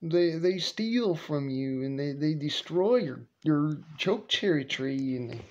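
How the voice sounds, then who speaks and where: A man's voice: a little high, lively intonation, slow pace, lo-fi sound. A man voicing a frightened young boy, whiny and pleading.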